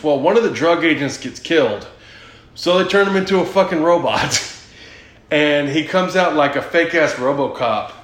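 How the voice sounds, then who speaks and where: A man's voice: fairly high pitch, fairly bright tone. A man chatting casually, retelling a movie plot in a rambling, profane way and laughing often. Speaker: podcast host. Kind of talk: casual chat. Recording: echoey room.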